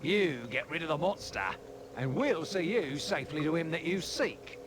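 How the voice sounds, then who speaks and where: Brief: man voicing a rough British thief guard, middle-aged, higher pitched and lively, noisy game audio. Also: normal speed, close to an everyday voice. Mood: gruff warning. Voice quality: rough folksy dialect, calls people lad. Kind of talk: game voice acting.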